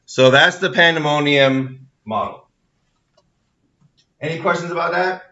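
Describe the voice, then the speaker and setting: A male university lecturer with a bright, forceful voice explains a model playfully, tying it to group chats and phones. He is recorded in a reverberant classroom from a distance, and the sound is dull and lo-fi. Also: on the high side, unhurried. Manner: playful, explains with everyday comparisons. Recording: echoey lecture hall, distant dull mic.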